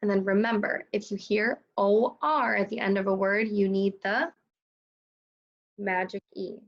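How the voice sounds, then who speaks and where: A woman teaching a recorded second grade phonics lesson, enunciating sounds slowly and clearly, praising and prompting her pupils. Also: medium pitch, fairly even intonation, muffled recording. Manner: slow, clearly enunciated, encouraging teacher talk.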